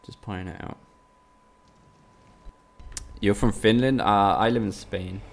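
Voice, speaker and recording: A man's voice: fairly low pitch, fairly even intonation, slow pace, vocal fry. A man from the UK, streaming a game live and trading teasing, sweary banter with his chat. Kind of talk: casual live-stream commentary.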